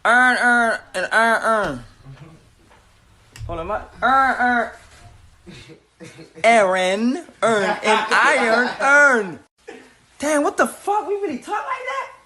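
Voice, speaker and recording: A woman's voice: a little high, sing-song, slow pace, pauses often, sharp tone. A woman with a Baltimore accent, teasing her friends playfully and laughing through a casual clip.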